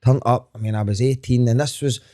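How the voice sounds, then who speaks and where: A man's voice: mid-range voice, steady tone, brisk, mellow. A Scottish comedian in his thirties, talking as a podcast guest in a frank, earnest way, telling stories and swearing casually. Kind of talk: candid conversational storytelling.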